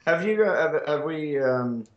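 A man's voice: a little high, expressive, a little slow, lo-fi sound. Rambling Australian man in a roomy echo. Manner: rambling, wry and self-mocking, with many fillers. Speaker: podcast guest. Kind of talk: casual chat.

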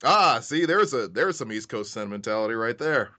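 A man hosting a podcast in casual chat, wry and halting, often repeating himself and laughing. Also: medium pitch, expressive, bright, forceful tone, dry recording. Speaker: podcast host.

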